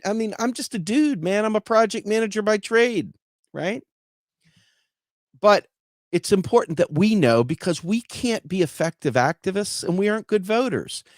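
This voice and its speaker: A man hosting a casual explainer show, talking straight to his audience in a lively, up-and-down voice. He spins stories and analogies, checks in often with his listeners, and sits in a fairly high register. The recording is close and dry. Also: no echo. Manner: animated, storytelling, conversational. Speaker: host.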